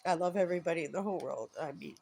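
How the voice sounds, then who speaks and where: A woman's voice: on the low side, very fast, vocal fry, warm tone, slightly rough, poor audio. A woman in her fifties talking alone at home in a rambling, emotional personal vlog. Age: 50s. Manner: emotional, rambling, tearful at times. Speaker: vlogger.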